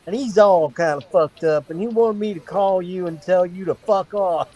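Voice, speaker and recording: A man putting on a high, slangy, streetwise dude. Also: normal speed, dull audio, heavy background noise, natural voice. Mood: chummy. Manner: loose, slangy. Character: brash young streetwise man, friendly.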